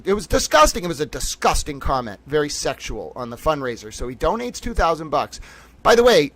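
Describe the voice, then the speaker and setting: A livestream host with a slightly high voice reads posts aloud during his commentary, heated and indignant, lurching between shouting and near-quiet. The recording is dry.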